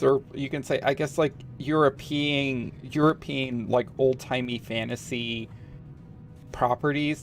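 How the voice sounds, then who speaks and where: Streamer: man, gravelly, slow, rambling game commentary over faint music. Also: fairly high pitch, darkish tone. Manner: musing, rambling, chuckling. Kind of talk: casual gameplay commentary.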